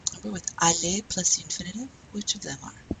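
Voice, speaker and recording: A woman teaching a French class, slowly modelling phrases and pronunciation for students to repeat. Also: lowish voice, gravelly, noisy background. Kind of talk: classroom language lesson.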